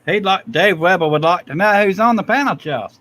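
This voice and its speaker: Male panel guest, animated and bright, friendly. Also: high voice, brisk. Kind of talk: casual chat on a live stream. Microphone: video call.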